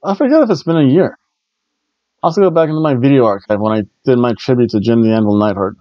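A man's voice: mid-range voice, quick pace, dry recording, lo-fi sound. A man hosting a casual solo wrestling review, chatty and rambling, often stumbling and restarting his words. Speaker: wrestling show reviewer, host.

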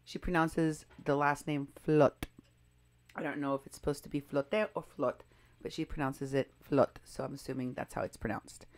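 Low-voiced skeptical woman commentator. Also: fairly even intonation, normal speed. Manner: emphatic, skeptical, stressing key words. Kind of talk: commentary on clips and posts.

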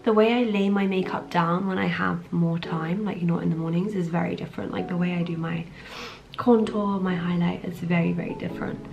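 While getting ready at home, a trainee surgeon and vlogger from London in her twenties chats upbeat, sprinkling in plenty of "like." Her voice is groggy from the morning, fairly low, creaky and fairly even in intonation, a little fast, with lo-fi sound.

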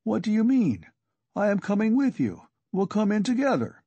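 A man's voice: sits high, wildly swooping pitch, moderate pace, dark tone, breathy edge, no room sound, muffled recording, voice pushed up, heavily acted. A man reading a drunk, rambling young man. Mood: anxious. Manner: rambling and eager. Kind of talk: audiobook character reading.

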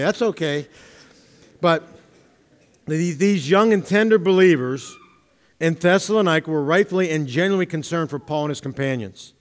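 A man preaches from the pulpit, high in pitch and leaning hard on his stressed words. He mixes plain teaching with light humorous asides. The long echo of the church hall trails behind each phrase. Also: normal speed, long pauses. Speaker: pastor. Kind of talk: sermon. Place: church sanctuary.

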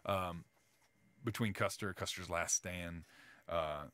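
A man's voice: low-pitched, slow, a bit bright, clean tone, no echo. Man giving a chatty writing lecture. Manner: casual, many fillers and restarts, checks in with "right?". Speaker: teacher.

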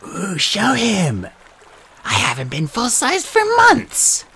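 Dude doing a high prissy lady snake, show-off. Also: huge pitch swings, slow pace, bright, forceful tone, slight background noise, heavily acted. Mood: prim. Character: prim female snake, show-off.

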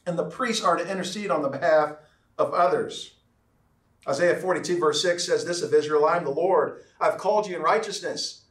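A man preaching a sermon as pastor, emphatic and repetitive, slowing down to stress key words. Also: high-pitched, fairly bright tone, echoey room, recorded from a distance. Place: church sanctuary.

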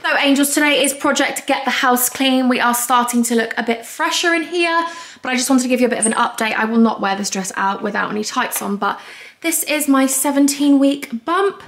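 Young woman, slightly high voice, breathless bubbly vlog chat at home. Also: fairly quick, a bit bright. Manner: chatty, bubbly, rambling. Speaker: vlogger. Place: at home indoors.

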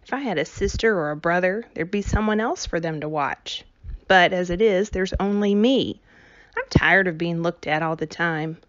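Woman doing a restless little girl, soft confiding voice. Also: on the low side, moderate pace, dry recording, lo-fi sound, close to an everyday voice. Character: restless, headstrong young girl.

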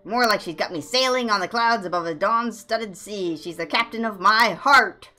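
A woman's voice: deep voice, fairly quick, pushed and bright, soft background music. A woman voicing a lovesick young male bard who gushes in flowery, theatrical lines. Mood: gushing. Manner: gushing, theatrical, sea metaphors.

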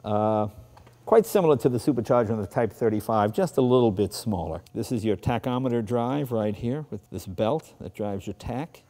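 A man's voice: medium pitch, moderate pace, mellow. A man with a Boston accent, host of a car show, casually and enthusiastically walking through a classic car in a garage. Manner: enthusiastic, chatty, self-deprecating. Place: garage, then outdoors.

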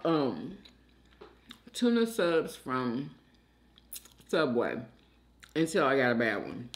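A woman eats on camera and chats in a slow, unhurried way. Her pitch swings widely, rising and dipping as she hums over each bite. She talks directly to her viewers. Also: big pitch swings. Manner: slow, chatty, hums with food in mouth. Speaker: mukbang host. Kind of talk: casual mukbang chat while eating.

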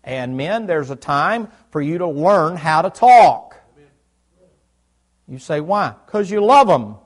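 A man's voice: fairly high pitch, very animated, slow pace. A middle-aged man, preaching a folksy sermon in church and quizzing his listeners. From United States South. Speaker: pastor.

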